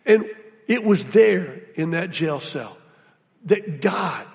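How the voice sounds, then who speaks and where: Male preacher with a high voice, lively folksy storyteller, reverberant hall. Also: slow, creaky. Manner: animated storytelling, folksy, drops to hushed awe. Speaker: guest speaker. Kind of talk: sermon.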